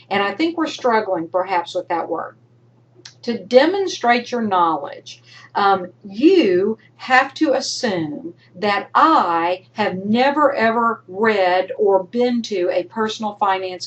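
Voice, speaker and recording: A woman college instructor with a slightly high voice records feedback for her online students, emphatic and coaching in tone. She sometimes acts out imagined student voices, and the audio sounds dull.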